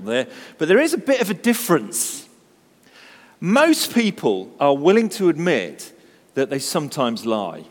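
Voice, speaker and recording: A man's voice: a little high, big-room sound. A man preaching a sermon, telling stories with humor and asking the congregation rhetorical questions.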